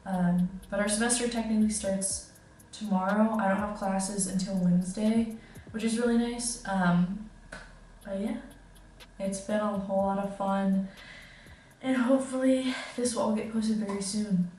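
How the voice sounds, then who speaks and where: A woman's voice: mid-range voice, steady tone, moderate pace, dark tone, a little hiss or hum. A young woman vlogging as a study-abroad student, telling stories in a chatty, giggly way full of filler words. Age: young adult. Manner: chatty storytelling, many "like"s and giggles. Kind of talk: casual vlog chat. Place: kitchen indoors. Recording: echoey room, distant mic, faint music.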